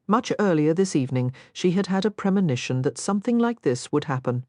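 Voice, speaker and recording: A woman reads a romance audiobook in an expressive, scripted style, her low voice rising and falling with animation. The recording is close and dry, carrying no room sound.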